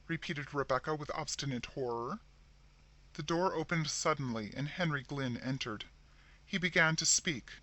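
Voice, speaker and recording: A man narrating a scripted horror story in a dramatic, expressive reading. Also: on the high side, normal speed.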